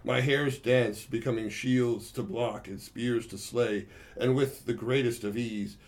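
A man's voice: medium pitch, fairly even intonation, measured pace, close to an everyday voice. A gleeful, boastful monkey warrior, voiced by a man, spinning a tale of his own battle. He talks to his listeners as friends and plainly enjoys his own bragging.

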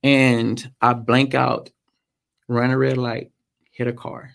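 A man, a podcast guest, telling a personal story in a halting way with frequent pauses and "um"s. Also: medium pitch, little pitch movement, gravelly, a bit bright. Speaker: podcast guest, motorcycle racer.

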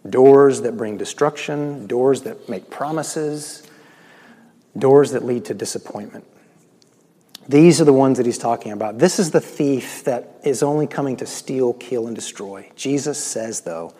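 A male pastor giving a sermon, swinging between loud emphatic lines and slow, hushed, near-whispered ones. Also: mid-range voice, breathy edge. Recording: long echo of a large hall.

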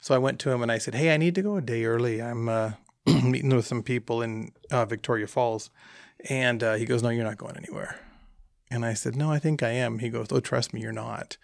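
A man casually telling an animated travel anecdote, acting out the dialogue as he goes. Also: mid-range voice, a little fast, vocal fry, dry recording. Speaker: hunting trip guest telling a story. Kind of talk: casual storytelling.

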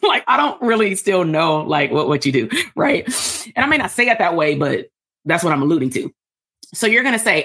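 An energetic woman coach leads a live workshop for therapists. Her voice sits a little low, and she talks in a lively, animated way with casual slangy asides to the room. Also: brisk, slightly rough. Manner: addresses the audience as "y'all". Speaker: business coach for therapists and podcast host.

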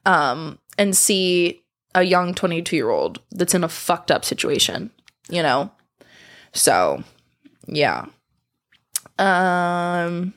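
A woman's voice: fairly low pitch, big pitch swings, slow pace, long pauses, fairly bright tone. A woman in her twenties talking straight to camera in a casual vlog, blunt and profane, going from hesitant to heated. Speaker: vlogger. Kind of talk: casual vlog talk reacting to comments.

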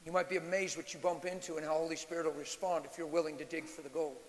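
A man preaching a sermon as a pastor, moving from hushed storytelling to shouted, animated exhortation. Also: fairly high pitch, fast talker. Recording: long hall reverb.

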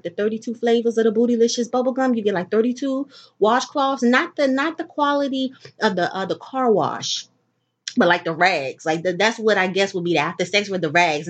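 This is a woman talking on her solo podcast, clearly tired. She rambles from story to story and swears casually. Her voice sits at an ordinary middle pitch. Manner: profane, rambling, animated storytelling. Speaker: podcast host.

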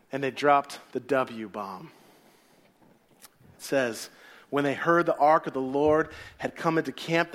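A male pastor preaching a sermon as an animated storyteller who acts out the scenes. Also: sits high.

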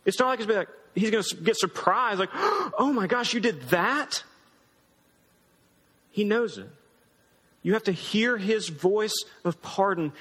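A man's voice: high-pitched, fairly bright tone. A man pastor preaching a sermon in a conversational, emphatic way. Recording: long hall reverb.

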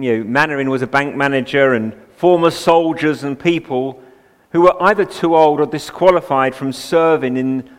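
A man preaching a sermon from the pulpit, shifting between chatty asides and emphatic, rising passages. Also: medium pitch. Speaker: pastor. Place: church sanctuary, at the pulpit. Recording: long church hall reverb.

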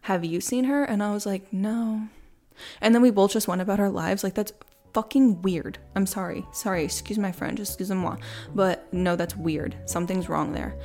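A woman's voice: medium pitch, fairly even intonation, brisk, a little mellow, faint music behind. A young woman hosting a true crime podcast, reading updates and then chatting candidly and loosely. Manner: candid, chatty, swears casually. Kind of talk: casual podcast narration.

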